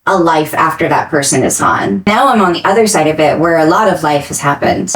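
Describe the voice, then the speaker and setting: A young adult woman speaking as a podcast guest, earnest and reflective, rushing some phrases and slowing on others. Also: lowish voice, poor audio. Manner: earnest and reflective, quick bursts between slow phrases. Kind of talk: candid interview talk.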